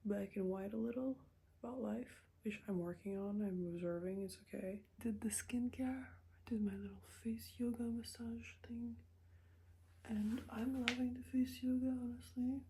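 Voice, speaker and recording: A young woman talking candidly to the camera in a rambling vlog, often dropping into soft whispers. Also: on the high side, fairly even intonation, normal speed, vocal fry, slight background noise, low-quality recording. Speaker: vlogger. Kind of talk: casual confessional vlog.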